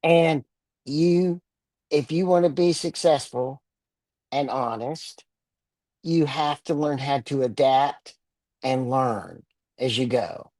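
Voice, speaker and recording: A man's voice: medium pitch, slow, long pauses, darkish tone, dry recording. An older man with a Texan drawl talks plainly and bluntly as an interview guest. His humor stays dry. The sound is close and dead, with no room around it. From Texas Panhandle. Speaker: guest author. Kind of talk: casual interview talk.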